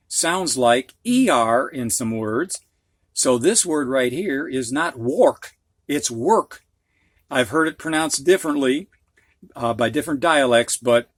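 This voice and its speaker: A man's voice: medium pitch, no echo, studio quality. A man with a Midwestern accent teaching a phonics lesson, patiently explaining words with examples and asides. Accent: Midwestern American. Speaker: reading teacher.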